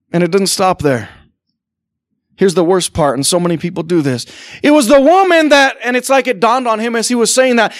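A middle-aged man preaching an impassioned sermon in church, asking rhetorical questions and acting out dialogue, often rising to near-shouts. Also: sits high, fairly quick, no room sound, studio quality. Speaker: pastor. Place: church sanctuary.

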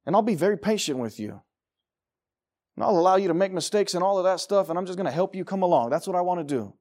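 A man preaching a sermon to his congregation in church, swinging from loud declarations to quiet, low asides. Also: expressive, fast. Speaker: pastor.

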